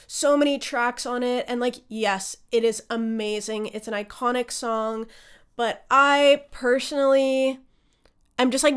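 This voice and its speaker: A woman's voice: fairly high pitch, clear, resonant tone. A young woman talking casually and enthusiastically to her viewers, chatty and swearing now and then. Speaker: music video creator ranking album songs. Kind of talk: casual talk to camera.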